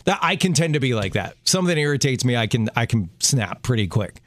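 A man's voice: medium pitch, sing-song, a little fast, dry recording. A middle-aged man co-hosting a faith radio show in casual chat, easygoing and joking, laughing often. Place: radio studio.

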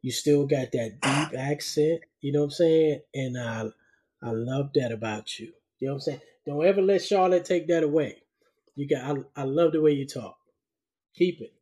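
Husky, laid-back man hosting an interview. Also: on the high side, moderate pace, dark tone. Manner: affirming, uses slangy casual speech, many backchannels. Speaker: podcast host. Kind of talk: casual interview chat.

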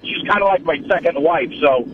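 A man calling in to a radio show, calmly arguing his point. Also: on the high side, brisk. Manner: reasoned, argumentative. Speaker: caller. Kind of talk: call-in radio talk. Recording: noisy phone line.

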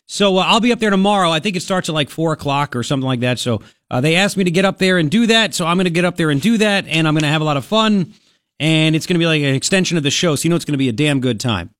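A man's voice: on the high side, animated, very fast, a bit bright, no room sound, studio quality. A man hosting a talk radio show, brash and joking, rambling in casual chat. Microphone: studio microphone.

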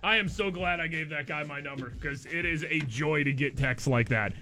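A man's voice: fairly high pitch, moderate pace, pushed and bright, faint music behind. A man hosting a radio show from a studio, reading odd news stories in a jokey way and repeating the punchlines.

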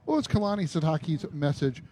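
A man co-hosting a live radio show, briskly reading introductions and questions. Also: on the high side, sing-song, mellow, no room sound. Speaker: radio co-host.

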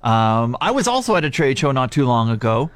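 A young man co-hosting a casual radio show, chatting and telling stories in an animated way and laughing easily. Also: medium pitch, a little fast, dry recording. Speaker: radio co-host.

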